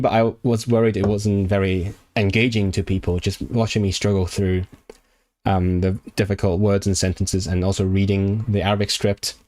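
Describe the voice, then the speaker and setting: Studying language flashcards on a live stream from his computer at home, a Hong Kong man talks casually and thinks out loud, often restarting and using plenty of fillers. His voice sits on the low side and sounds a little mellow.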